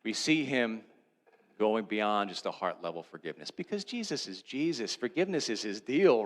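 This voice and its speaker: A male pastor preaching a sermon, retelling a story with animated swings between loud, excited lines and hushed, low ones. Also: normal speed, in a large hall. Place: church sanctuary.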